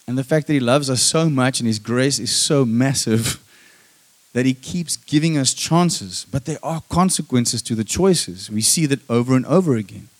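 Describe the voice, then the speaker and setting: A man preaching a sermon, emphatic and calling for amens, moving between loud stressed lines and soft hushed passages. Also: medium pitch, animated, moderate pace. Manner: emphatic, calls for "Amen?" from the congregation.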